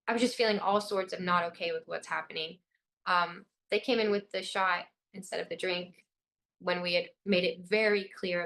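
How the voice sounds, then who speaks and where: A young woman from Illinois tells her story as an interview guest, her voice pitched in the everyday middle range. She speaks with urgency and intensity, pressing each point home. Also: a bit bright. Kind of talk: personal account in an interview.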